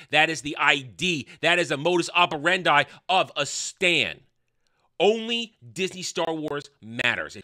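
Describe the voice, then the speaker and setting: Male host, combative rant, high-pitched, bright and tense delivery. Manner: combative, scornful, repeating phrases for emphasis. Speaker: commentary channel host. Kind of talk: heated opinion rant.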